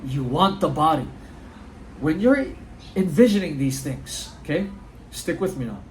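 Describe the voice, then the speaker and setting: A man's voice: a little high, sing-song, unhurried, a little hiss or hum, poor audio. A man giving an earnest, casual motivational talk outdoors at home, often saying "dude" and "like". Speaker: motivational vlogger.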